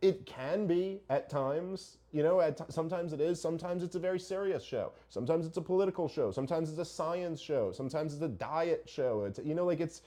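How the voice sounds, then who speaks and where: Animated, mellow-voiced man arguing casually. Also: fairly high pitch, brisk, few pauses. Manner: animated, argumentative, profane, rhetorical questions. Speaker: podcast host. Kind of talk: casual opinionated chat.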